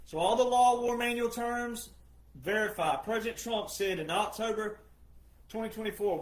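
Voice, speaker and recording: A man giving an emphatic monologue, repeating his points insistently and addressing the audience as ladies and gentlemen. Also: sits high, normal speed, echoey room, rough recording. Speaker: commentator.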